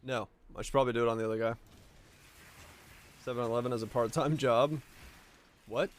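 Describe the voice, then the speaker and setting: A man streaming a video game, reading viewer messages and chatting casually in a relaxed, rambling way. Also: medium pitch, fairly quick. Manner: relaxed, rambling, reads chat aloud. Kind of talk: casual chat while playing.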